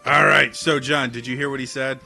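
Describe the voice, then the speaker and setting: A man's voice: medium pitch, little pitch movement, fairly quick, vocal fry, pushed and bright, soft background music. A man running an online tabletop game as game master, talking in a casual, easygoing way over voice chat.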